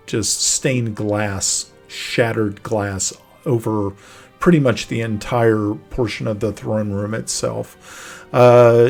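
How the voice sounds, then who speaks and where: Low gravelly guy being the game master, keeps stopping and restarting sentences. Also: a little mellow. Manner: halting, searching for words mid-sentence. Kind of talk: narrating a tabletop game.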